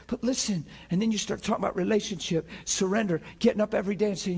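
A man preaching a sermon, moving from shouted cries down to hushed, low passages, often repeating words and restarting. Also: a little fast, gravelly, few pauses, breathy edge. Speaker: pastor.

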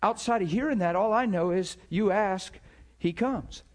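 A man preaching a sermon, telling stories in an animated, emphatic way and acting out the people he quotes. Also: sits high, moderate pace. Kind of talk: sermon storytelling.

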